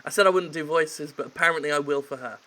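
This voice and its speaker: A man's voice: on the high side, fast, pushed and bright, low-quality recording. A man giving sardonic, theatrical commentary over a game he is playing. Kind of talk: let's play commentary.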